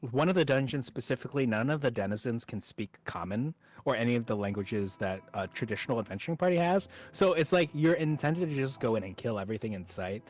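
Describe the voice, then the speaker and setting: A man's voice: mid-range voice, fast talker, few pauses. A man running a tabletop game as dungeon master, talking casually with lots of fillers and trailing thoughts over a voice call. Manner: relaxed, rambling with fillers and trailing off.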